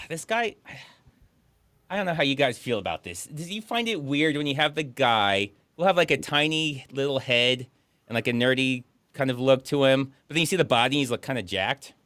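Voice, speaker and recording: Streamer guy riffing on a bad movie, animated, jumps into silly mock voices, dry sound. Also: mid-range voice, fairly quick, dry recording. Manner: animated, laughing, mock quotes in put-on voices. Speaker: streamer hosting a movie riff. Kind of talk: casual commentary over movie clips.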